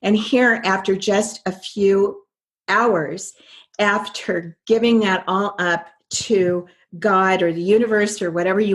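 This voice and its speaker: An older American woman, a guest on an interview show, telling her personal story in an earnest, reflective way. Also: medium pitch. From American Midwest. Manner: earnest, reflective, speeds up when recalling inner dialogue.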